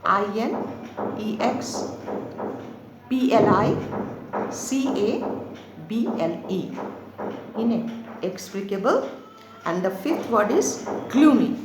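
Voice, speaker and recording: A woman teacher with an Indian English accent dictating a class lesson slowly, repeating words and spelling them out letter by letter. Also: mid-range voice, expressive. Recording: echoey room with noise.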